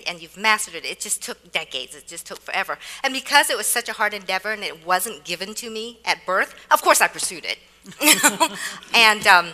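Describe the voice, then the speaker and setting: Animated woman author, native Vietnamese speaker. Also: mid-range voice. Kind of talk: onstage conversation. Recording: reverberant hall.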